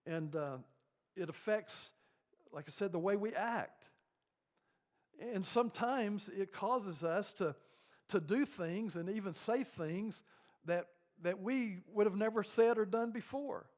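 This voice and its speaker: A man's voice: high voice, takes it slowly, a little mellow. An older man leading a church grief seminar, telling rambling, folksy stories full of fillers.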